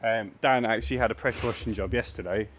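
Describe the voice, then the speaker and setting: An English man hosting a podcast in relaxed casual chat, laughing often and chipping in with questions. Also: lowish voice, quick pace. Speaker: podcast host.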